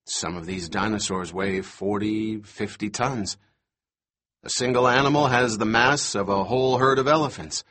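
A male narrator voicing a calm, measured mathematician who speaks quietly and deliberately, a little lower than his own voice. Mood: explaining.

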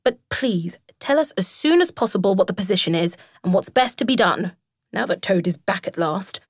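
A woman voicing a sensible, thoughtful female rat in a storybook reading, speaking in a measured way. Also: medium pitch, lively intonation, breathy edge, no echo, clean studio sound. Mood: reasoning.

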